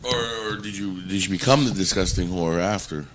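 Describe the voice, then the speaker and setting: A man's voice: sits low, brisk. A man guesting on a podcast in casual chat, blunt and joking, throwing teasing questions.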